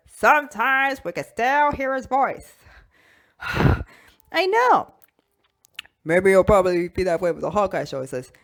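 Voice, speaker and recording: A woman hosting a toy channel, chatting casually and comically about fandoms, giggling, sighing dramatically and bursting into shouted bits. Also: medium pitch. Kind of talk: casual comedic fandom chat.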